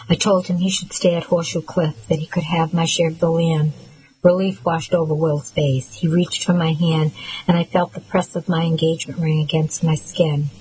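Woman, audiobook narrator, low voice, measured first-person storytelling. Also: little pitch movement, darkish tone, a little hiss or hum, low-quality recording.

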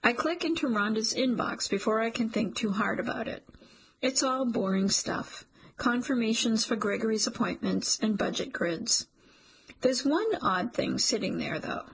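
A woman narrates a first-person story in a husky, gravelly voice. Her delivery is dry and wry, with asides she drops to a whisper. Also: on the high side, animated, moderate pace, poor audio.

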